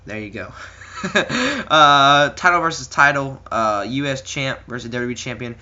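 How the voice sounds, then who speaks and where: A young man talks through his wrestling predictions in a loose, rambling way, full of ums, uhs and small chuckles. His voice is very bright and sharp, and the home recording sounds dull and lo-fi. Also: mid-range voice, normal speed. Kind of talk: casual solo commentary.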